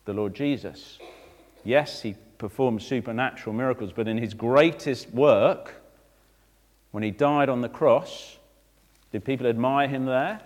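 A man's voice: mid-range voice, unhurried, long reverb tail. A man, a vicar, preaching a sermon with rhetorical questions and direct asides to children.

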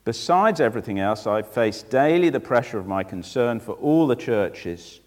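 A preacher walks his listeners through scripture, chatty and animated, his voice swinging widely up and down. He tosses in casual asides between the verses. The sound rings with the long reverb of a large church hall. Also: mid-range voice, normal speed. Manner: animated, acts out the verses in a lifted voice, conversational asides. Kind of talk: sermon reading through a Bible passage.

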